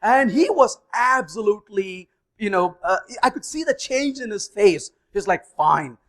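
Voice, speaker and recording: A man in his fifties speaks at a tech conference, weaving anecdotes into his talk. His pitch rises and falls in a very animated way, and he slips into the voices of the people in his stories. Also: normal speed. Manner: animated, acts out dialogue in stories. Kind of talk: storytelling technical talk.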